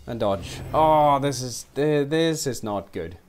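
Excitable man with lively pitch. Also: slow pace, slight background noise. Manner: excitable, talks to his units. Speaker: let's play streamer. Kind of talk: game commentary.

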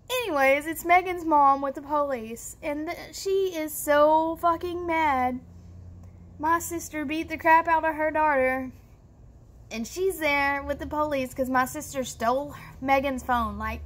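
A young woman vlogger telling a story casually, animated and profane, addressing viewers directly. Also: high-pitched, a little slow.

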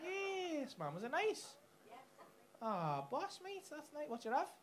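A man's voice: very high voice, wildly swooping pitch, takes it slowly. A man doing crowd work in a comedy club, sweary and mocking, ranting at the audience and laughing through his lines. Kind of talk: live stand-up crowd work. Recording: live club recording with audible noise.

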